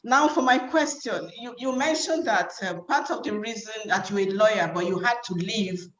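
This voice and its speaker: A woman's voice: medium pitch, normal speed, a bit bright. Woman on zoom being super polite before her question, echoey muffled audio. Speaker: audience member asking a question. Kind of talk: video call question. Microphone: video call. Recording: echoey dull video call audio.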